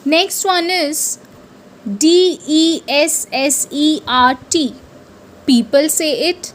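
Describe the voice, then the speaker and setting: Woman, English pronunciation teacher, high voice, unhurried delivery, spells words out letter by letter, frequent "right?" check-ins. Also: slight background noise. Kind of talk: pronunciation lesson to camera.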